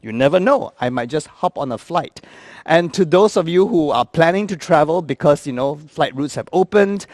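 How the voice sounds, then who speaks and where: A man, telling comic travel stories in an animated, playful way and acting out the characters. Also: fairly high pitch, dry recording, clean studio sound. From Singapore. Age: 50s. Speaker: actor. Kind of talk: comic storytelling.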